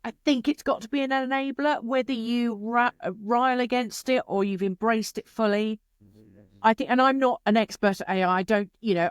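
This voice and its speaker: A woman, a creativity expert answering interview questions in an animated, chatty way, with quick asides and playful quotes. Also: fairly high pitch, clean tone, no room sound, studio quality.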